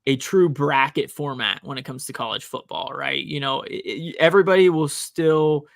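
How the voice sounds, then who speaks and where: Man, podcast co-host, rambling casual talk, fairly high voice, dry close sound. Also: normal speed, gravelly, no echo. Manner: rambling, frequent restarts and fillers. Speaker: college professor, podcast co-host. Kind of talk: casual sports betting podcast chat.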